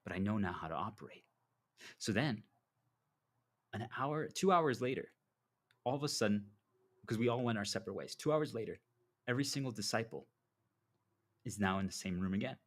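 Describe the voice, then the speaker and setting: Husky man preaching a motivational monologue. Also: fairly low pitch, fairly quick, long pauses. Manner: preachy, animated storytelling with acted dialogue. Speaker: self-styled spiritual guide.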